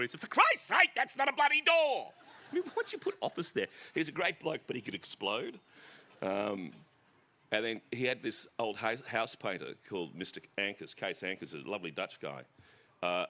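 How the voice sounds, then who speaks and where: A middle-aged Australian man telling family stories as an author guest on a festival stage, animated and laughing. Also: low-pitched. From South East Queensland, Australia. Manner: animated, bursts into shouted impressions and laughter.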